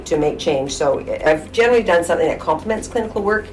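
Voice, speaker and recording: A woman's voice: fairly low pitch, animated, quick pace, few pauses, rough recording. A middle-aged woman, a family physician, answering interview questions thoughtfully with frequent restarts and fillers. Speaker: family physician and college president.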